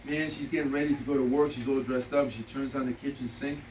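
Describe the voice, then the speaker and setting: A man's voice: mid-range voice, fast. A man in his fifties leading a motivational sales training session, blunt and repetitive, laughing through his stories. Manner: animated storyteller, laughs through anecdotes; blunt, repeats key points. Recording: roomy, distant, noisy room recording.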